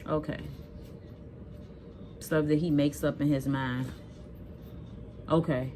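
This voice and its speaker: A mother telling viewers a personal story in a casual vlog, blunt and scolding, animated and emphatic. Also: low voice, takes it slowly, noisy background.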